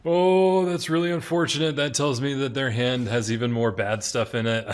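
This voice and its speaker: A man's voice: mid-range voice, fairly even intonation, normal speed. A man casually commenting on his own card game as he plays, muttering and laughing at his mistakes. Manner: muttering, self-deprecating, laughs at own misplays. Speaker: streamer playing a card game.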